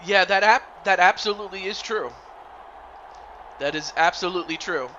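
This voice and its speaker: A man with a bright, forceful tone and a fairly high voice commentates a football video game on his live stream. He rambles casually, greeting chat viewers by name. The audio is dull and a bit muffled. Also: normal speed, a little hiss or hum.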